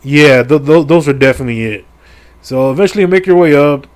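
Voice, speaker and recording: A middle-aged man tells a game's story in a loose, rambling way, swearing constantly and throwing in crude jokes. His voice sits fairly high for a man, and he fills the gaps with "like" and "you know.". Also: fast. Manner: rambling, profane, crude jokes, lots of fillers. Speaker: gaming video creator. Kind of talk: casual comedic game story recap.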